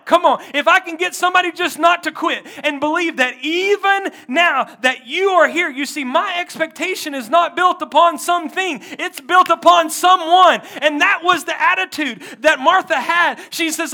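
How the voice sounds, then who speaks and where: A man preaches a sermon to his congregation in a high, bright voice. He swings from hushed near-whispers to loud, urgent pleading, with call-outs to the crowd. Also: moderate pace. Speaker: pastor.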